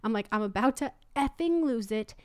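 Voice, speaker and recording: Chatty mother telling a story, smooth voice. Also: on the high side, lively intonation, moderate pace, darkish tone, no echo, studio quality. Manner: chatty storytelling, quoting herself, laughs often. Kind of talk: casual chat.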